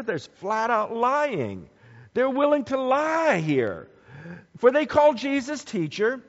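Guy preaching a sermon, high lively voice, dull lo-fi sound with long hall reverb. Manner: animated preaching with emphatic repetition. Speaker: pastor.

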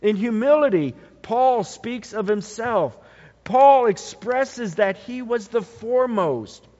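A man preaching an expository sermon, emphatic, repeating key phrases and swinging between soft and loud. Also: very high voice, animated, slow. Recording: dull lo-fi sound with long hall reverb.

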